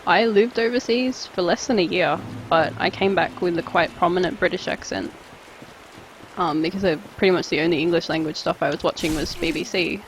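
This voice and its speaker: A young Australian woman plays a game on a live stream, chatting casually with viewers and rambling from one thought to the next as she reads and answers chat. Her voice is fairly low and a little fast. The recording is low quality, with a bit of hiss or hum.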